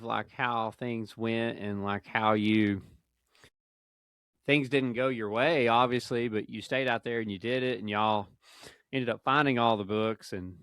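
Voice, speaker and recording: Male podcast host, mid-pitched, enthusiastic, filler-heavy, dry close sound. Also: fairly bright tone, clear, resonant tone, no echo. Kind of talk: casual interview chat.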